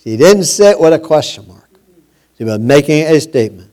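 A man preaching a sermon, slow and emphatic, repeating phrases and letting his voice drop at the ends of lines. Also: medium pitch, expressive, a little mellow.

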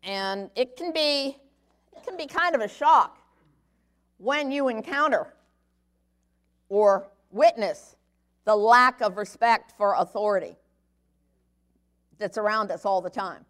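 A woman's voice: mid-range voice, slow, long pauses, fairly bright tone. A middle-aged woman teaching a sermon-style Bible lesson, conversational, often checking in with her listeners. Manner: conversational teaching, frequent "okay?" check-ins.

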